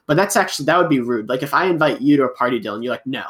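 A man's voice: medium pitch, expressive, rapid-fire, a bit bright. An American man, a podcast guest, talking casually and explaining things, acting out small everyday dialogues with plenty of fillers. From United States. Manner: explanatory, acts out little dialogues, many fillers. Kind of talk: casual chat.

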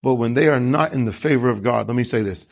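A man's voice: mid-range voice, fast talker, gravelly. A man preaching a sermon, telling the story with animation and asking rhetorical questions. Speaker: pastor.

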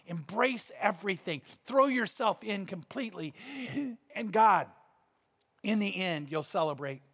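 Man, pastor, sermon, high voice, earnest, conversational, repetitive emphasis. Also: fairly bright tone.

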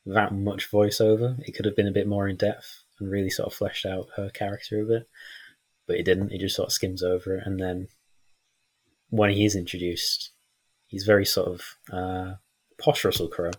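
Man, guest on a chat podcast, very low husky voice, chatty, laughs a lot. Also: level tone, normal speed. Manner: chatty, laughs often, acts out lines from films. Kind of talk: casual film chat.

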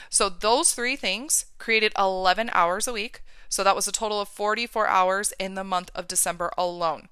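A woman's voice: mid-range voice, bright, forceful tone, smooth, dry recording. A woman life coach talking on a podcast, emphatic and casual, with the odd swear word.

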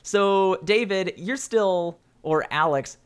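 Young guy gm, high voice, laughs a lot, super casual. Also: slow, smooth. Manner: laughs often, casual and animated. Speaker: game master. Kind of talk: narrating a tabletop game.

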